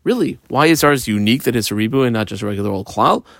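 An animated man teaching a Talmud lesson, his pitch leaping high and low as he explains and questions. The sound is dry and close, with no room echo around his voice. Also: very fast, creaky. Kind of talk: daf yomi lesson.

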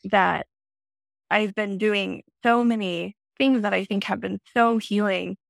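A woman in her thirties, a podcast guest, telling a personal story in a lively way and acting out her own past lines. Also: measured pace, vocal fry, no room sound. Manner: animated, acts out her own past lines in a high excited voice. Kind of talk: conversational storytelling.

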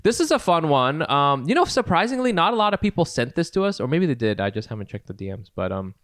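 A man's voice: a little high, very animated, fast, fairly bright tone, no echo, clean studio sound. A man co-hosting a casual comedy podcast, rambling, laughing often, swearing and acting out what people said. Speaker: podcast co-host.

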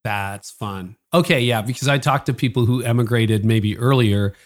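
A man with a Canadian accent hosting a podcast, reading sponsor spots and interviewing a guest in a friendly, animated way. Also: medium pitch, normal speed. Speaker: podcast host. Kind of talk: ad reads and interview.

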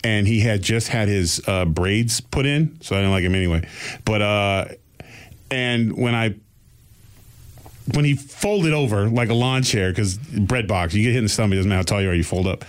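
Relaxed man telling a story. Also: fairly low pitch, moderate pace. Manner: animated, relaxed storyteller, lively voices for quoted people. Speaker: podcast guest telling a story. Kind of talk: casual storytelling.

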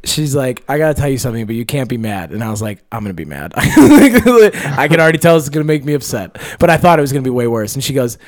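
A man's voice: medium pitch, animated, fast, few pauses, a little mellow, no echo, clean studio sound. A young man co-hosting a casual podcast chat, telling stories with lots of jokes and laughter. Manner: joking, storytelling, laughs often. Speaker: podcast co-host.

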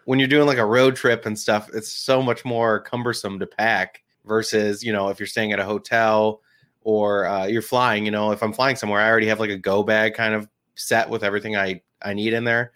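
A man with a fairly low voice co-hosting a podcast. He rambles through casual stories, leaning on fillers and restarting his sentences as he goes. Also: little pitch movement, brisk, a bit bright. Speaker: podcast co-host.

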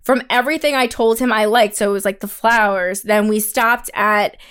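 A woman co-hosting a podcast, telling a story in casual chat, animated, acting out quotes, swearing and laughing often. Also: medium pitch, moderate pace, smooth. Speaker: podcast co-host.

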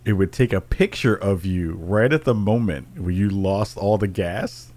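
A man as a podcast guest in casual chat, playful, building jokes in a low-key way. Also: unhurried, a little mellow.

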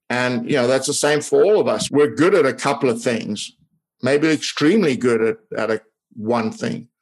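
A man, a tennis coach and podcast guest, talking earnestly about mindset in a relaxed podcast chat, repeating words and giving everyday examples. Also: medium pitch.

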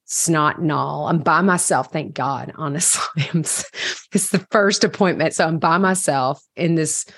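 A middle-aged woman telling a candid personal story in a conversational way, with fillers, who grows animated when she retells her own thoughts. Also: deep voice, no echo, studio quality. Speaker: podcast host reading her journal.

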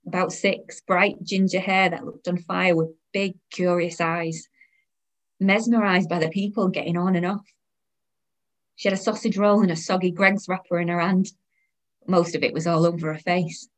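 A woman's voice: on the low side, fairly even intonation, normal speed. A woman in her thirties narrating her own story in the first person, in a wry, weary tone. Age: 30s.

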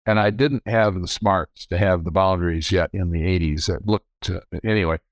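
Speaking at a normal speed in a low-pitched voice, an older man on a podcast recounts candid tales from his family's business. He meanders and frequently corrects himself mid-sentence. The close, dry recording has no room sound or echo.

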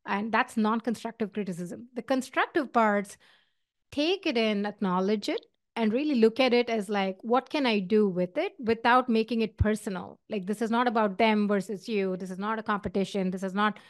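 A woman's voice: medium pitch, moderate pace, no echo, studio quality. A middle-aged woman with an Indian accent gives career advice in an earnest, conversational way, with fillers and restarts. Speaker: podcast host. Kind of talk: solo advice talk.

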